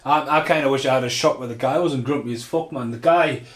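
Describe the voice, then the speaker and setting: A man's voice: mid-range voice, fast. Swearing man in echoey room. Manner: swearing, rambling anecdotes. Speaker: podcast co-host. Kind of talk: casual film commentary chat. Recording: roomy echo.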